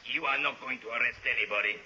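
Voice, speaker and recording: An actor playing a curt, threatening armed thief in an old radio drama. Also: male voice, mid-range voice, fast, natural voice. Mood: menacing. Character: menacing armed thief, adult man. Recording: muffled, noisy old radio broadcast.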